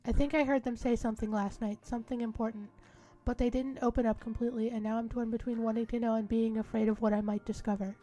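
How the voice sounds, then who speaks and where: A woman reading a visual novel's narration aloud in a hushed, dramatic way during a casual let's-play, with faint music behind her. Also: fairly high pitch, flat delivery, quick pace, few pauses.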